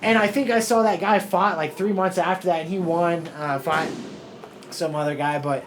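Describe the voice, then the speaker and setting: A man's voice: high voice, steady tone, moderate pace, background noise. A fighter in his thirties, talking in a rambling, emotional, profane way in a casual podcast interview. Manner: rambling, emotional, swears a lot. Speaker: fighter guest.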